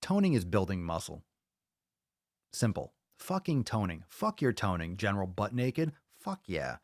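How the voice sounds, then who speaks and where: A man's voice: fairly low pitch, big pitch swings, normal speed, no room sound, clean studio sound. Blunt, cursing male podcast host. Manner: blunt, profane, ranting. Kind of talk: casual podcast chat.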